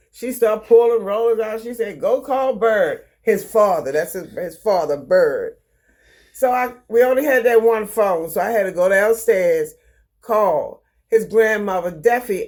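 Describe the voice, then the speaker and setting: A woman in her sixties with a Baltimore accent, lively and dryly humorous as she tells a family story. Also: medium pitch. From Baltimore, Maryland. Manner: lively storyteller, animated quoting, dry humor. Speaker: vlogger's mother. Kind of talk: storytelling in casual chat.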